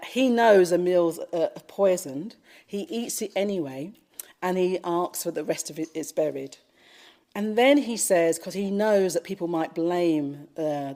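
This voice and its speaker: A woman giving a Buddhist dharma talk, gently telling a story with frequent fillers. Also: low-pitched. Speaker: Buddhist teacher. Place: retreat talk at a Buddhist centre.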